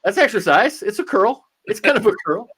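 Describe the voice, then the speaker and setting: A man hosting a casual podcast interview, upbeat and chatty, and quick to laugh. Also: high voice, expressive, fairly bright tone, slightly rough. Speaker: podcast host.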